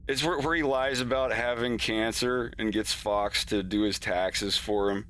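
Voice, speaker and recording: A man's voice: on the low side, a little slow, a bit bright, a little hiss or hum. A man chatting casually on a stream about his cartoon's scenes, rambling, laughing often and acting out his characters' lines. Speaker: animator streaming his work.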